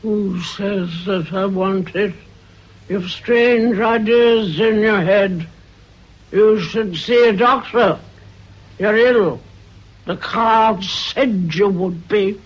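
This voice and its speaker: A spiteful old woman who schemes and mutters threats, slow and husky in her delivery. This is a vintage radio play, its sound dull and lo-fi. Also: medium pitch. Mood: falsely sweet. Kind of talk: radio drama acting.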